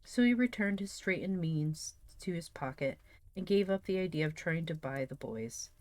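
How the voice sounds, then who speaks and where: Low-voiced woman reading a novel aloud. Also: dry recording. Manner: steady, measured narration with chatty asides to viewers. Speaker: live-stream reader. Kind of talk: reading a classic novel aloud on a live stream.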